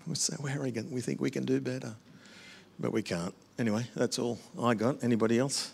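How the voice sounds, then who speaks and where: A man's voice: mid-range voice, steady tone, a little fast, creaky, darkish tone, breathy edge. An older man, a pastor answering questions at a church Q&A in a plainspoken way with dry humorous asides.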